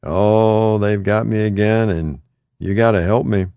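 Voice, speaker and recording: A man's voice: fairly low pitch, fairly even intonation, measured pace, mellow, smooth, dry recording, clean studio sound. A man reading aloud voices a frail, confused older man who repeats himself emphatically in folksy speech and turns fearful and pleading.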